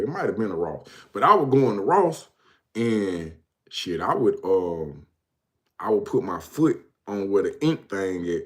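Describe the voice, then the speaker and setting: Man telling stories with laughter. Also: on the low side. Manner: laughs through his stories, says bro often. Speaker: host. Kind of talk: casual storytelling.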